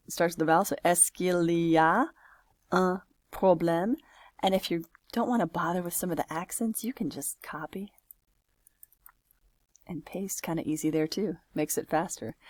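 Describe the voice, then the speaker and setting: A woman French teacher with a lowish, darkish voice goes through a homework exercise step by step in a screen-recorded walkthrough, talking it out patiently and chattily. The recording is dry.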